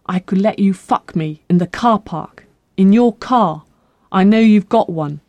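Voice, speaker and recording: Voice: medium pitch, unhurried, darkish tone, dry recording, close to an everyday voice. An audiobook reader voicing a desperate young woman caught shoplifting, breathless and pleading.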